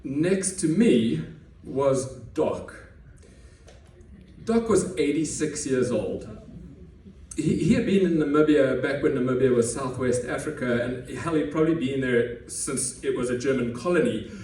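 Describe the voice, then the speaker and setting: On stage before a live audience, a man tells a personal story in a conversational, self-deprecating way, often starting his words over. His mid-range voice is animated and unhurried with a darkish tone. The recording picks him up from a distance in an echoey room, with faint ambience and a little hiss or hum.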